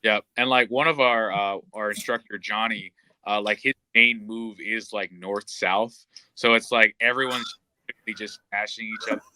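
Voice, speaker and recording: A man's voice: lowish voice, steady tone, moderate pace, sharp tone, no echo. A man hosting a podcast, chatting casually in a laid-back, joking way with plenty of "um" and "you know". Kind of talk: casual chat.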